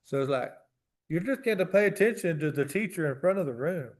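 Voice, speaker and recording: Brief: high male voice, dry sardonic co-host, acts out quick scenarios. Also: animated. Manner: sardonic, acts out little imagined exchanges. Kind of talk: casual podcast chat.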